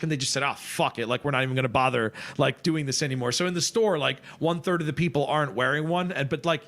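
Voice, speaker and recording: Slightly high-voiced man telling a story. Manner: animated anecdote telling, swearing, acting out both sides of a dialogue. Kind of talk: casual chat, storytelling.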